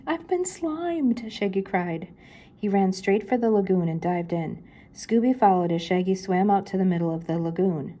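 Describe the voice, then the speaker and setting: A woman's voice: lowish voice, warm tone, breathy edge. An older woman, a grandmother, reading a children's mystery book aloud and lifting her voice for the characters' lines.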